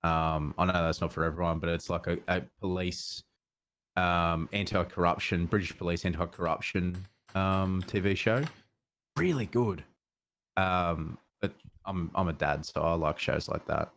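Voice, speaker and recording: A man's voice: sits low, fairly even intonation, moderate pace, a bit bright. A middle-aged Australian man, a podcast co-host, telling rambling stories in casual chat and swearing freely.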